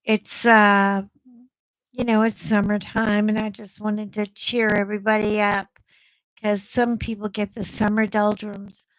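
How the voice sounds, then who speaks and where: A woman's voice: medium pitch, flat delivery, a little slow, no room sound, poor audio. A middle-aged woman hosting a casual live chat with viewers, blunt and chatty, often laughing as she talks. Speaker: livestream host.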